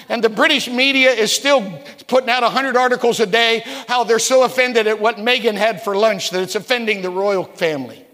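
A man in his sixties from West Virginia preaching a sermon in a church, telling stories, stumbling over repeated words and rising to shouts. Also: high-pitched. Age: 60s. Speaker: pastor. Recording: reverberant church hall.

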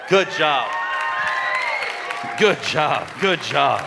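A man giving a lively children's sermon, coaxing and calling out to the kids in a church. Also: sits high, normal speed, heavy background noise. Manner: animated, coaxing, calls out to the kids. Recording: long reverb in a large hall, faint crowd.

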